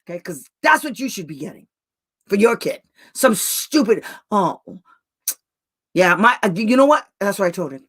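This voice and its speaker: A woman's voice: medium pitch, big pitch swings, normal speed, pauses often, fairly bright tone, breathy edge. A woman special education advocate talking to parents in a blunt, angry rant, raising her voice at times and laughing between outbursts. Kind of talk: heated live talk to parents.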